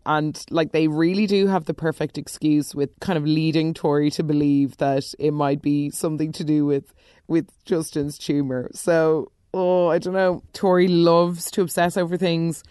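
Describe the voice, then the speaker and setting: Chatty low-voiced woman recapping. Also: steady tone, measured pace, warm tone, clear, resonant tone, dry recording, studio quality. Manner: chatty, opinionated, exclaiming in high bursts. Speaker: soap opera recap host. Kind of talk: casual recap commentary.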